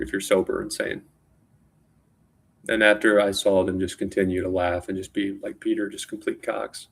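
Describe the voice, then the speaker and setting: A man with a low, gravelly voice and a husky, rough edge tells a personal story casually. He rambles, restarts his sentences and repeats words as he goes.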